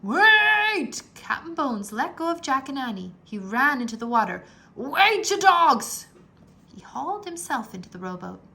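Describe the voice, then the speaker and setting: A woman reading a children's book aloud in a slow, animated storytelling manner, with a gravelly edge. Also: on the high side. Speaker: read-aloud narrator.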